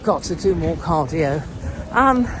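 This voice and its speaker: A woman's voice: deep voice, expressive, unhurried. An older woman from England in her sixties, chatting to camera while walking down a busy city street, a bit out of breath. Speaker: vlogger. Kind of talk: casual vlog to camera. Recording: street noise behind.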